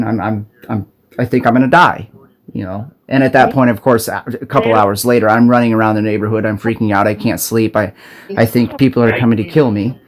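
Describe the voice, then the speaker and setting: A man from Arizona recording on his smartphone, delivering an urgent, profane spiritual warning with frequent stumbles and restarts. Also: fairly low pitch. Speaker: self-made video preacher. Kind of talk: impassioned spiritual warning monologue.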